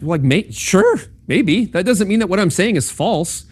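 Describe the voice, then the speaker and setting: Here a campus ministry speaker, a young man, teaches logic in an informal classroom talk. His high-pitched voice is animated and a bit breathy, moving at a moderate pace, and he speaks conversationally with plenty of ums and okays while checking in with listeners.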